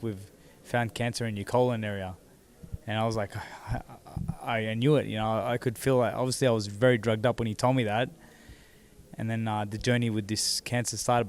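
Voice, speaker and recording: Smooth-voiced man recounting calmly. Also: mid-range voice. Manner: halting, repeats words as he recounts. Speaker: interview guest, former boxing champion. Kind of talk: candid personal storytelling. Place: seated across from the interviewer.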